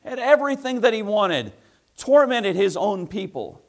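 A man's voice: high voice, very animated, normal speed. Man preaching a fervent sermon. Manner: preaching with rising, swelling emphasis and rhetorical questions. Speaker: pastor.

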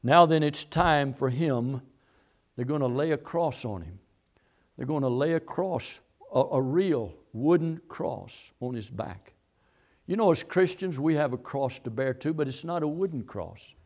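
A man preaching a sermon, moving from calm, halting explanation to fervent, near-shouting emphasis, with many repetitions and restarts. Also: medium pitch. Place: rural, works in a barn.

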